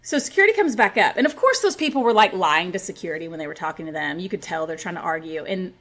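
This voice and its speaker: A woman in her forties telling a story in casual podcast chat, rowdy and animated, with plenty of asides. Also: lowish voice, fast talker. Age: 40s. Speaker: podcast co-host.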